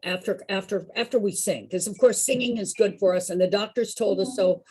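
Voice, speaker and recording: Playful, husky woman leading a group. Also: mid-range voice, brisk, a little mellow. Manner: playful, chatty, encouraging. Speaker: activity leader. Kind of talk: leading a group activity session over video call.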